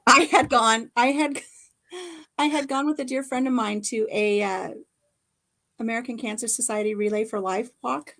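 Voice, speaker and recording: A woman hosting a live stream, telling funny personal stories in a casual, animated way. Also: a little high, moderate pace. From Iowa. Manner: animated storyteller, acts out her own cries. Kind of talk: casual storytelling chat.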